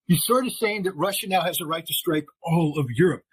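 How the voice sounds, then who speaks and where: An American man giving emphatic, forceful commentary as a guest analyst in an interview. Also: high-pitched, a little fast, few pauses, breathy edge, rough recording. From United States.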